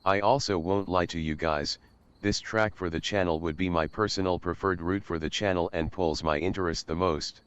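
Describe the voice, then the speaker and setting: Young male channel host, very low smooth voice, earnest scripted read, slightly dull lo-fi recording. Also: fairly bright tone.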